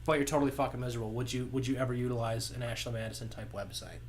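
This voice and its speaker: A man's voice: medium pitch, steady tone, racing, a little hiss or hum. A young man cohosting a comedy podcast, joking and teasing his co-host with a lot of laughter. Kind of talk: comedic banter.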